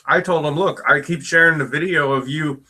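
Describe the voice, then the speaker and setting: A man's voice: on the high side, fairly quick, sharp tone. A man co-hosting a casual chat, talking bluntly with plenty of swearing, sometimes with food in his mouth. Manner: blunt, profane ranting; chats while eating. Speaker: co-host.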